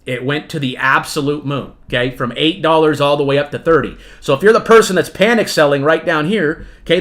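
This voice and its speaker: Male livestream host, slightly high pitch, emphatic, repetitive, talks to viewers as folks. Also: fairly bright tone. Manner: emphatic, repetitive, peppers lines with "okay?" and "right?". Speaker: trading channel host. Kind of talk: livestream market commentary.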